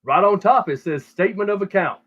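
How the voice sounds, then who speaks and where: The man hosting this show has a high, animated voice and speaks a little fast, ranting profanely and rambling over call audio with plenty of swearing. The audio sounds dull.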